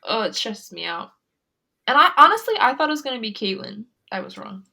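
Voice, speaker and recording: A woman's voice: fairly high pitch, sing-song, fairly quick, gravelly, bright, forceful tone. A young woman co-hosting a podcast, chatting casually and giggling, full of "like" fillers. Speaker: podcast co-host. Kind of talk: casual chat recapping a reality show.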